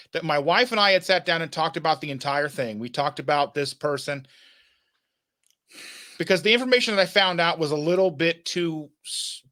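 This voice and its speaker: A man's voice: a little high, fairly bright tone. A man hosting a podcast, talking casually and rambling through his stories with frequent restarts and fillers. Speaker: podcast host. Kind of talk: casual chat.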